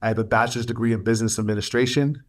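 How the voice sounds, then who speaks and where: A man sharing his life story as a webinar speaker, earnest and emotional, with halting pauses and fillers. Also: medium pitch, steady tone. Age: adult, studying for a master's. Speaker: webinar speaker, youth mentor.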